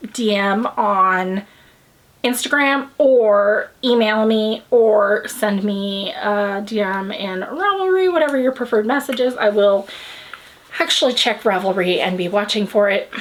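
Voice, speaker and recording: An American woman hosting a podcast in a loose, rambling, upbeat chat with the odd swear word. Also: mid-range voice. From United States. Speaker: podcast host. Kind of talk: casual chat.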